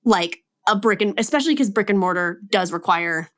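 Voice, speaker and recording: A woman's voice: mid-range voice, lively intonation, a little fast. A young adult woman co-hosting a podcast, talking in a casual, rambling way full of filler words. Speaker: podcast co-host. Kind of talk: casual chat.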